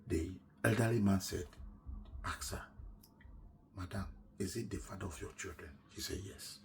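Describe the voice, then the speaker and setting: A middle-aged man with a Nigerian English accent tells a personal story, swinging from loud quoted lines down to near-whispers. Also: deep voice, moderate pace, creaky, slight background noise. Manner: animated retelling, shouts quoted lines then drops to a near-whisper.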